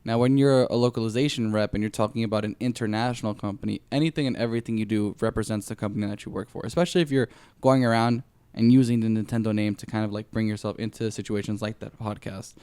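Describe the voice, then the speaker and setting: This man talks quickly in a dark, mellow voice that stays smooth and clear. He makes his points on a gaming podcast emphatically and at length, in a dry, close sound. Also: fairly low pitch, steady tone, no echo. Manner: emphatic and opinionated, explaining at length. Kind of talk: casual podcast discussion.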